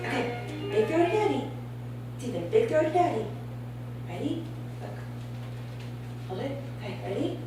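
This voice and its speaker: A woman's voice: high-pitched, sing-song, slow, pauses often, loud music behind the voice. A young mother at home talking to her toddler in a sing-song, coaxing voice and laughing often, recorded on a home video camera. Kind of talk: playful talk to a toddler. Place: family home.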